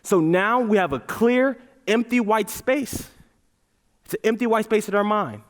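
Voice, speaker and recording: A man giving a playful, animated motivational talk on a large auditorium stage, leading the crowd in chants. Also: high voice, measured pace. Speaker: motivational speaker. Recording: reverberant hall.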